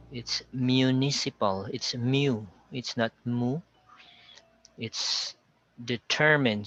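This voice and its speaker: A man with a Filipino accent teaching a pronunciation lesson, slowly repeating words to contrast how they sound, with faint music behind him on a lo-fi recording. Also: on the low side, sharp tone. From Philippines.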